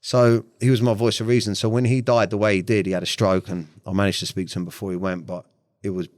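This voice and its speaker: A man's voice: on the low side, little pitch movement, quick pace, a little mellow, no echo, clean studio sound. A man, speaking as a podcast guest in a blunt, frank way, swearing freely and often stopping to restart his sentences. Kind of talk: candid interview talk.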